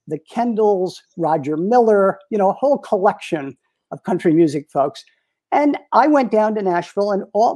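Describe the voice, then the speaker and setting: Chuckling older man telling stories. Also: sits high. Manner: animated anecdote-telling with frequent chuckles. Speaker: interview guest, retired TV publicist. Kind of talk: storytelling in a casual interview.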